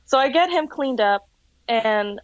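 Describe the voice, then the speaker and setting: Lively laughing woman telling stories. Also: a little high, unhurried, no room sound, muffled recording. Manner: animated storyteller, laughs often. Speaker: whale watching tour guide, podcast guest. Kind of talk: casual chat, storytelling.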